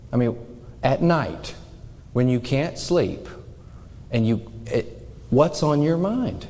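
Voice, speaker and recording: Pastor guy giving a sermon, mellow dark voice, big hall echo. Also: mid-range voice. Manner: earnest, questioning the congregation directly. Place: church sanctuary.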